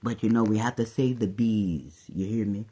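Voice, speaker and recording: A woman giving a casual tarot reading to her viewers, animated, calling everyone "baby" and laughing often. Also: very deep voice, moderate pace, husky. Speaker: tarot reader.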